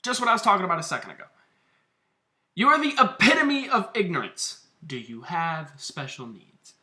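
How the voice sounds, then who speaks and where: A man's voice: sits high, very animated, moderate pace, sharp tone. A man who wrestles, giving a profane, combative rant in a vlog about online feuds. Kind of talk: ranting vlog commentary.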